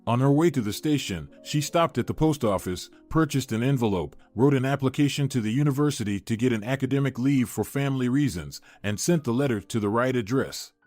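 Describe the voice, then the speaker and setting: A man tells a scripted drama story in a steady, even manner, his voice sitting at an ordinary middle pitch. Faint music plays under the narration. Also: fairly quick, few pauses.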